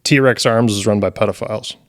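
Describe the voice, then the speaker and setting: Low-voiced man, deadpan podcast co-host. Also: brisk. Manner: deadpan jokes, summarizes. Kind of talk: casual chat.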